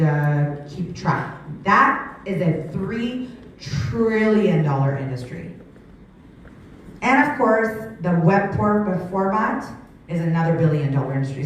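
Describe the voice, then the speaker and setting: A woman in her sixties, giving an energetic business pitch to a live audience on a handheld mic, her voice strained from shouting. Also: far from the mic, a little hiss or hum. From Canada. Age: 60s. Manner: energetic, rapid questions to the crowd. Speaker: sales presenter. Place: large room with an audience. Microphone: handheld microphone. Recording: very echoey hall, mic from afar.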